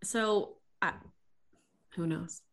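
A woman's voice: fairly low pitch, drawn-out words, gravelly. A young woman co-hosting a podcast, chatting casually and telling stories with playful voiced quotes. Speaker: podcast co-host. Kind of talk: casual chat.

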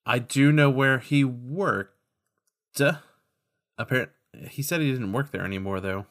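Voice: medium pitch, measured pace. A player in a tabletop role-play who speaks in character, hesitant and earnest.

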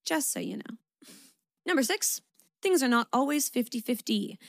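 A woman's voice: sits high, lively intonation, moderate pace, no room sound, clean studio sound. A young woman hosting an advice podcast, talking candidly and emphatically, swearing freely and using lots of fillers. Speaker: podcast host.

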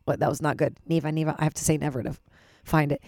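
Talking fast with fairly even intonation, a young adult woman from Los Angeles hosts a podcast in a low, darkish voice that's a little worn from slightly losing it. Her candid personal monologue rambles self-deprecatingly with casual swearing, and the clean studio sound has no room sound.

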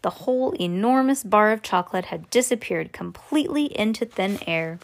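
A woman's voice: mid-range voice, animated, normal speed, gravelly. A woman reading a children's story aloud in plain narration, with chatty asides to a listener. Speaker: reader.

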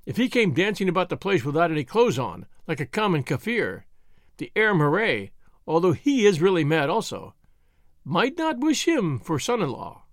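A man's voice: sits high, big pitch swings, moderate pace, no room sound, studio quality. A man reading an audiobook, voicing a sly, scheming male servant who speaks in a wheedling, conspiratorial way.

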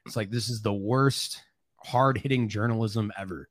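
A young man from St. Louis hosting a casual live podcast, chatty and animated. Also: lowish voice, moderate pace. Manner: animated, mocks interviews with quoted voices. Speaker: podcast host.

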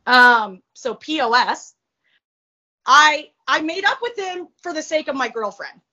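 Woman guest, high voice, blunt and sweary, animated storytelling, kinda muffled audio. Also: measured pace. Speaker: interview guest. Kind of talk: casual storytelling interview.

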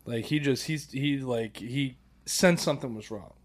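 A male podcast co-host tells a story in casual conversation, acting out the voices of the people he quotes. He's animated, swears a lot and laughs often, speaking at medium pitch and a moderate pace.

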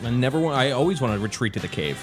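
A man's voice: medium pitch, expressive, rapid-fire, over music. A man co-hosting a podcast, talking in a laid-back, dry way and swearing casually. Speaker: podcast co-host. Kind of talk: casual chat.

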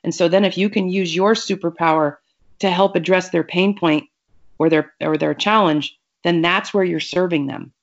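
A woman's voice: fairly low pitch, fairly even intonation, normal speed. A woman giving emphatic advice in a conversational podcast interview, often restarting her sentences. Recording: muffled lo-fi audio.

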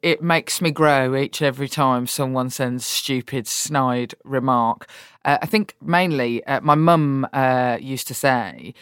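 A woman with a Birmingham English accent talks candidly in an interview. She is blunt and animated and swears freely. The sound is dry and close. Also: a bass voice, unhurried, smooth, no room sound. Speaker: politician guest.

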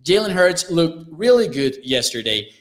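A young man from northern Mexico with a Mexican accent, hosting a live sports talk show, reading chat comments and often repeating words as he talks. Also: a little high. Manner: quick, restarts and repeats words, animated. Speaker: sports podcast host.

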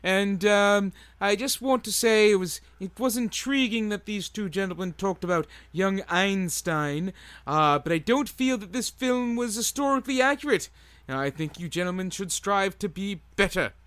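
A man putting on a pompous, formal gentleman character for a comedy bit, talking in a stuffy, halting way. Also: high voice, lively intonation, clear, resonant tone, no room sound. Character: pompous self-promoting gentleman, male adult.

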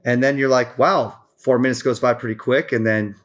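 Podcast guest, male, mid-pitched, rambling and animated, acts out quotes. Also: a little fast. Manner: rambling, full of restarts and fillers. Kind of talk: casual chat.

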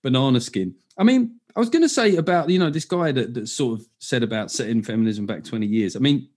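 A man's voice: mid-range voice, lively intonation, fast, a little mellow. A man with a South London accent hosting a podcast, chatting loosely and laughing easily. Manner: rambling, sweary, laughs easily. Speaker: podcast host. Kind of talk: casual interview chat. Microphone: video call.

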